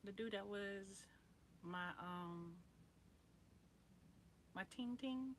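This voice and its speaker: A woman hosting a casual livestream, rambling in relaxed slang and greeting viewers by name. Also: medium pitch, extremely slow, slight background noise. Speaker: livestream host.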